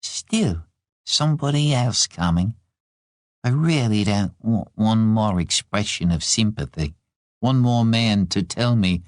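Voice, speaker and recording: A proud, sharp-tongued young widow who snaps and bristles, voiced by a man narrating an audiobook, her pitch swooping lively. She speaks slow and deliberate in a dry, close sound. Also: dry recording. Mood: weary. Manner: curt, exasperated, quick to snap. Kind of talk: audiobook character voice.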